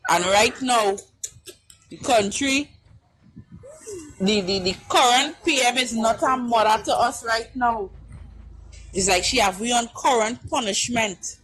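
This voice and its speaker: Her voice runs high, a bit bright and a little slow, with long pauses, over slight hiss or hum in a rough recording. As a Trinidadian-accented caller on the live-stream panel, she argues emphatically, repeats herself and keeps checking that you understand.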